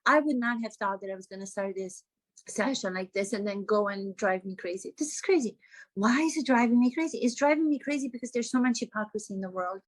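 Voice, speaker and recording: A woman's voice: medium pitch, lively intonation, a little fast, poor audio. Exasperated woman acting coach ranting. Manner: exasperated, emphatic and sarcastic. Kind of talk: satirical commentary to camera.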